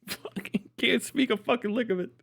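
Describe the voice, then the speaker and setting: A man's voice: extremely high pitch, normal speed, vocal fry, fairly bright tone. An American man ranting crudely and jokingly on a casual live stream. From United States.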